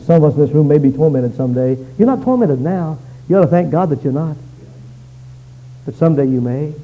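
A man preaching a fiery revival sermon, swinging between loud pleading and low, intense warnings. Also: expressive, fairly quick, phone-quality sound.

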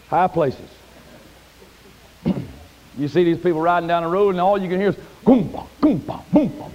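Folksy preacher man, shouting peaks. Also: muffled recording. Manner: folksy, rising to shouted high-pitched peaks. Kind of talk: sermon. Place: church sanctuary.

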